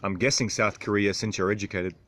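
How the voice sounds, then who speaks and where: A man in his thirties hosting a casual livestream, reading out viewer comments with frequent chuckles and throat clearing. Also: fairly low pitch, steady tone, brisk, fairly bright tone. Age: 30s. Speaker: livestream host.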